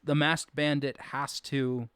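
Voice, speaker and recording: A podcast co-host chatting casually, relaxed and fond as he retells scenes. His voice sits a bit high for a man. The sound is dry and close. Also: slow pace, clear, resonant tone, dry recording. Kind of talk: casual chat.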